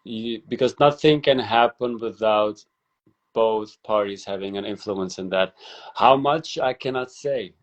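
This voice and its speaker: A man's voice: fairly low pitch, a little slow, lo-fi sound. A man from Afghanistan, a podcast guest, answering reflectively with many ums and restarts. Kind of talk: casual conversation.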